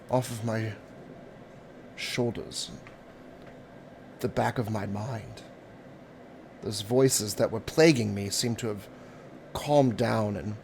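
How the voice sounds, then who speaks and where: A gentle, courteous adventurer, played by a man in a tabletop game. He speaks very slowly and picks formal words, with faint background noise behind him. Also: medium pitch, creaky. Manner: polite, formal phrasing.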